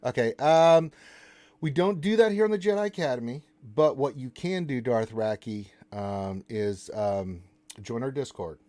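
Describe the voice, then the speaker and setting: A man's voice: mid-range voice, animated, measured pace, warm tone. Joking male live-stream host. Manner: loose, joking, reads chat questions aloud. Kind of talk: casual live-stream chat.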